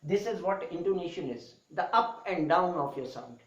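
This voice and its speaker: A male English teacher with a Pakistani accent delivers a spoken English lesson in a fairly high voice. He swings his voice up and down for emphasis as he explains. The sound is dull and lo-fi, with a noticeable room echo. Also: expressive, normal speed.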